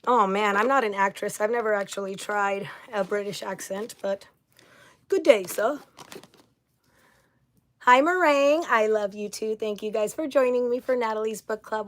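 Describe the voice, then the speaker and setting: A woman hosting a casual livestream. She chats upbeat and effusive, greeting viewers one by one. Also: on the high side. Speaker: livestream host.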